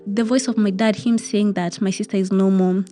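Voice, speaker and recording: A woman's voice: medium pitch, steady tone, normal speed, over music. A young Kenyan woman telling a personal story of grief, emotional and repeating phrases. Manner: emotional, repeats phrases, mixes in Swahili words.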